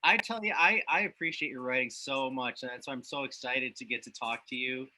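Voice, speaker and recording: Male podcast host, very bright voice, halting, repeats words, earnest. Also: mid-range voice, rough recording. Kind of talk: casual interview.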